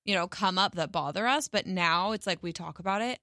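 A woman's voice: fairly low pitch, a little fast, sharp tone, no echo, studio quality. A woman in casual podcast chat, speaking frankly and conversationally.

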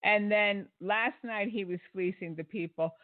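A man's voice: high-pitched, measured pace, no room sound. A man giving sarcastic, indignant commentary on a preacher's clip, with plenty of fillers and restarts. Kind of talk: critical commentary on a sermon clip. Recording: tinny, dry phone-like audio.

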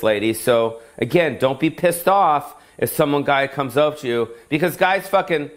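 A man doing a comedic, profane rant straight to his viewers, rambling from point to point with jokey asides. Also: on the high side. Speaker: comedian hosting a weekly rant show.

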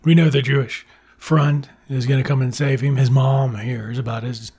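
A man's voice: medium pitch, fairly even intonation, normal speed, darkish tone, slightly rough. A man casually retelling a comedy film's plot in a loose, chatty way, swearing now and then. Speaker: film reviewer. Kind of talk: casual film recap.

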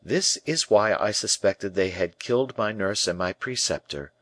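A proud, earnest young prisoner who presses each question with quiet defiance, read by a man. The voice sits a little above a low baseline, with lively rises and falls. The sound is close and dry. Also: moderate pace, dry recording.

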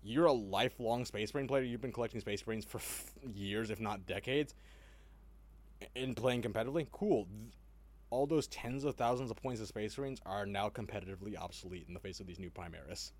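A man's voice: fairly low pitch, fairly quick. A man co-hosting a podcast in casual chat, swearing freely and laughing often as he talks. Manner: profane, animated, laughs often. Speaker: podcast co-host.

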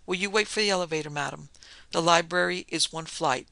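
A man's voice: fairly high pitch, brisk, gravelly, bright, forceful tone, dry recording, low-quality recording. A man voicing a polite, formal butler who answers deferentially.

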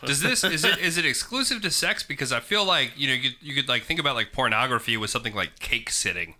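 Fast, lively, bright-voiced man. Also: mid-range voice. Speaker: podcast co-host. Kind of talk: casual comedy chat.

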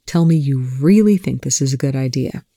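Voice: medium pitch, expressive, moderate pace, dark tone, no echo, clean studio sound. A narrator voicing a blunt, tense male military officer who hisses and snaps his words, in an audiobook reading. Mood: tense, hushed. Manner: terse, hissing, snapping. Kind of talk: audiobook reading of fan fiction.

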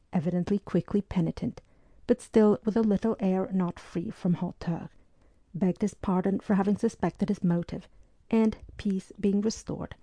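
A woman narrating a historical novel aloud, reading in a measured, even way and giving the dialogue soft voices. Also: medium pitch, dry recording. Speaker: audiobook narrator.

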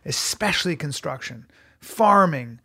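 Gravelly, bright-voiced man in his late forties. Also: a little high, lively intonation, unhurried. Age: late 40s. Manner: joking, crude banter. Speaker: podcast co-host. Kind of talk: casual chat.

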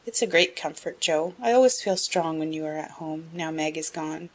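Tender storybook mother, voiced by a woman reading; soft, measured, low-keyed. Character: gentle middle-aged mother, calm and tender. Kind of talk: audiobook character reading.

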